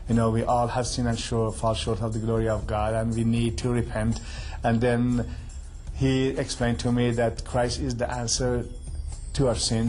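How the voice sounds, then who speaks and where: A man's voice: mid-range voice, a little mellow. Earnest accented man sharing his testimony. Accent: Middle Eastern. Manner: earnest, non-native phrasing, retells dialogue. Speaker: guest giving a testimony. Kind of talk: personal testimony.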